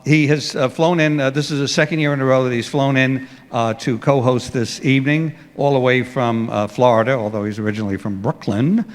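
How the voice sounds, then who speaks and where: A man as master of ceremonies introducing the next act, halting with many fillers. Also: medium pitch, steady tone, soft background music. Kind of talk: stage introduction. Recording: reverberant hall from afar.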